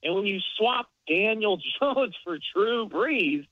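A man's voice: high voice, expressive, slow, dry recording. Analytical man breaking down a game. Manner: analytical, explains plays in detail. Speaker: podcast co-host. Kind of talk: casual sports podcast chat. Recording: dull lo-fi dry sound.

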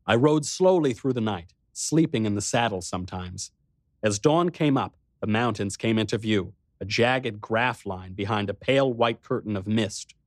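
A man reading a first-person adventure story aloud with expressive storytelling. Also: fairly low pitch, moderate pace, dry recording, studio quality. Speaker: narrator. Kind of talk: first-person audiobook narration.

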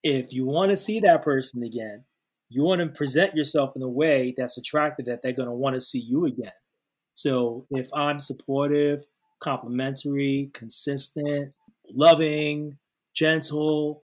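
A man's voice: a little high, a little slow. A man guesting on a podcast as a songwriter, talking earnestly about relationships and laughing easily. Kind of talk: casual chat.

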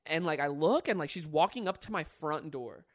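A young man with a slightly high voice tells a story on his channel in a loose, animated way. He swears freely and leans on fillers, restarting his sentences as he goes. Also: normal speed. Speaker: YouTuber host. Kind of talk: casual storytelling chat.

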